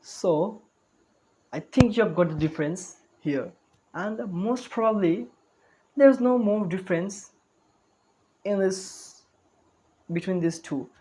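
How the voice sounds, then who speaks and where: A man's voice: sits high, takes it slowly, long pauses, warm tone, slight background noise, rough recording. A man giving an online spoken English lesson, talking carefully, repeating words and correcting himself as he goes.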